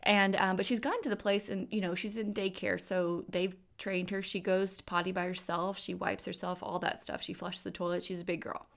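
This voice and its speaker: A woman's voice: mid-range voice, fairly even intonation, a little fast, vocal fry, few pauses. A woman in her thirties hosting a faith podcast, talking candidly and casually into a microphone with plenty of fillers. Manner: warm, candid storytelling with fillers. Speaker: podcast host. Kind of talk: faith-based podcast talk.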